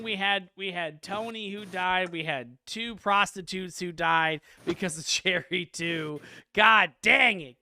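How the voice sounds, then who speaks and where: A man hosting and narrating a comedic tabletop game as game master, telling the story in a deadpan, drawn-out way. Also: sits high, smooth, no room sound.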